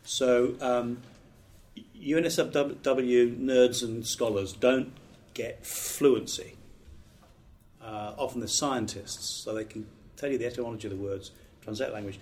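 This middle-aged British pastor talks a little slowly in a darkish, mid-range voice with fairly even intonation. His preaching-training talk is earnest, emphatic and conversational, with restarts and slight background noise.

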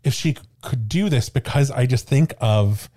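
A man's voice: mid-range voice, normal speed, dark tone. A man co-hosting a podcast, talking in a thoughtful, somewhat hesitant casual way. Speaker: podcast co-host. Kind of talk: casual chat.

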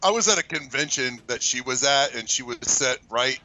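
A man's voice: mid-range voice, animated, normal speed, bright, forceful tone. A man co-hosting a casual movie commentary, making wry offhand remarks. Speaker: podcast co-host.

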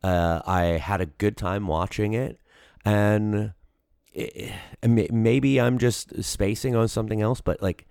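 Slow and gravelly, a deep-voiced podcast co-host rambles through casual wrestling chat, full of fillers and restarts. His delivery is fairly even and a little mellow, recorded cleanly in a studio with no room sound.

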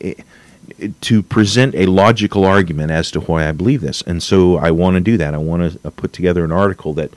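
A man's voice: low voice, no room sound. A man hosting a solo podcast from his home office, rambling and restarting, getting wound up as he rants. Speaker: podcast host.

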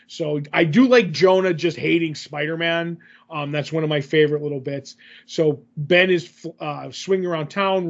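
A man's voice: a little high, vocal fry, dull audio. A man co-hosting a podcast, rambling through a comic book recap in casual chat, with lots of fillers and self-corrections.

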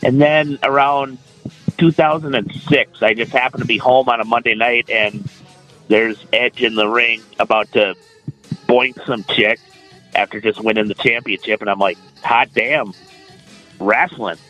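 A man's voice: medium pitch, fairly even intonation, moderate pace, fairly bright tone, low-quality recording. A man in a mid-range voice talks easily on a casual podcast, cracking self-mocking jokes as he goes. Faint music plays behind him. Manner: chatty, self-mocking humor.

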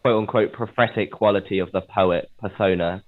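A man from England co-hosting a casual talk about poetry. He speaks in a measured, hedging way and thinks aloud as he explains. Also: lowish voice, steady tone. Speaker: podcast co-host. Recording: tinny phone-like line.

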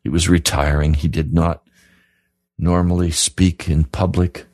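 Slow, deep-voiced male radio preacher. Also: level tone, darkish tone, no room sound. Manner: slow, earnest, repeated pleading questions. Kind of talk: sermon broadcast.

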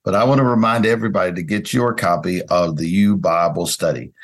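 A man's voice: low voice, fairly even intonation, brisk. A man hosting a conversational Bible study lesson, speaking unhurriedly with frequent fillers and restarts.

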